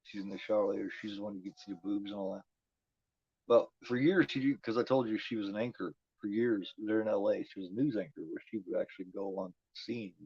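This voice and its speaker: A man's voice: lowish voice, brisk, a little mellow, husky, no echo, lo-fi sound. A man giving casual, profane commentary while watching a movie, talking back at the screen.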